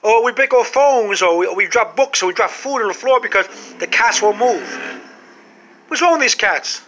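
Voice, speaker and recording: A man vlogging a comic monologue to camera, animated and full of rhetorical questions. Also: sits high, fairly quick.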